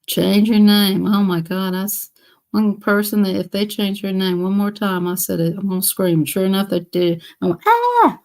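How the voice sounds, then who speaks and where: A woman's voice: medium pitch, level tone, moderate pace, darkish tone. A woman hosting a casual live stream, chatting in a rambling, repetitive way. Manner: rambling, chatty, repeats herself.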